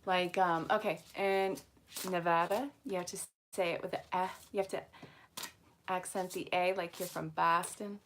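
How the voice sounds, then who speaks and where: A woman's voice: fairly low pitch, little pitch movement, moderate pace, fairly bright tone, a little hiss or hum. A woman from Vermont with an accent blending Vermont and New York, hosting a casual angel card reading and chatting with her viewers as she goes. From Vermont, USA. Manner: chatty, rambling, talks to viewers between cards. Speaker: angel card reader, host.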